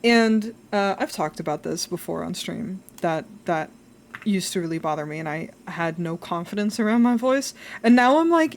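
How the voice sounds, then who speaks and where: A woman's voice: lowish voice, animated, normal speed. A young adult woman chatting casually while drawing on a live stream, rambling and self-reflective, laughing often.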